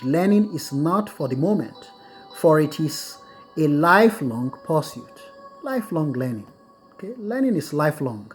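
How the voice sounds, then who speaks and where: A middle-aged man giving a recorded lecture on Buddhist wisdom, repeating key phrases slowly so students can write them down. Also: fairly high pitch, expressive, faint music behind.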